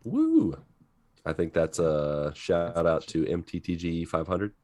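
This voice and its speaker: This man has a very low voice and speaks in a dry, close setting with no room echo. As a podcast co-host he keeps things upbeat and jokey. He also handles the show's housekeeping. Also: level tone, unhurried, darkish tone. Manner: upbeat, jokey, wraps up the show. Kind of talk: casual chat.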